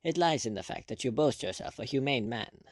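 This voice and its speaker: A man's voice: mid-range voice, fairly quick, no echo, clean studio sound. A man voicing a proud, captured male sea captain who turns from bewildered to stoic, in an audiobook reading. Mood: calm. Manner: startled, questioning, excitable.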